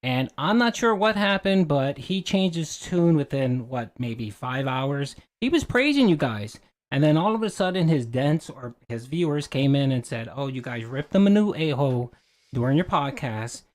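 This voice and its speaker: A man hosting a livestream, recapping events in a fast, excited, casual way. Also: mid-range voice. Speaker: stream host.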